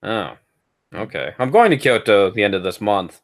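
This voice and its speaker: A man with a fairly low voice, co-hosting a casual podcast chat. He is relaxed and curious, and he asks many questions. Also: moderate pace.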